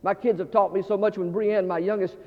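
A middle-aged man preaching a humorous storytelling sermon, animated, with stammering restarts and phrases repeated for effect. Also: sits high, a little fast. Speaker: pastor. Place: large church sanctuary. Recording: dull, reverberant church hall recording.

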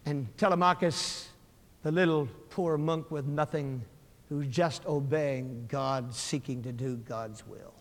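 A man preaching a sermon, telling a story dramatically and swinging from loud outbursts to hushed prayer. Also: mid-range voice, steady tone, takes it slowly. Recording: hall with long reverb.

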